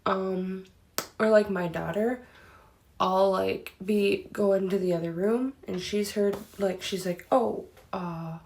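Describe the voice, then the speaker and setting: A chatty woman hosting a spooky-stories channel rambles casually and peppers her talk with fillers. Her voice is mid-pitched with a gravelly, fried edge. She is recorded close to the mic. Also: steady tone, takes it slowly, darkish tone, slight background noise. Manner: chatty, filler-heavy, laughs easily. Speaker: host of a spooky story channel.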